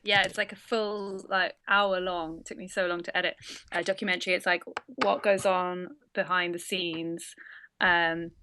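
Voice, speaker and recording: A woman, a guest musician, chatting casually with sarcastic, deadpan jokes. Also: lowish voice, normal speed, noisy background. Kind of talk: casual interview chat.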